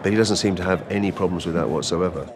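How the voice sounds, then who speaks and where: A man explaining acting with accents briskly in a making-of interview. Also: deep voice, crowd noise.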